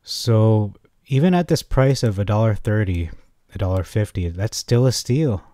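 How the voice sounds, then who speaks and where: A man giving a casual, rambling stock chart analysis, often correcting himself and getting excited. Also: lowish voice, moderate pace, dry recording, clean studio sound. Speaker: stock market commentator.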